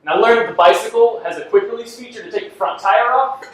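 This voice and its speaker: A man's voice: very high voice, quick pace. A man performing a self-deprecating stand-up comedy set, laughing at his own jokes on a club stage. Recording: echoey club from far off with faint noise.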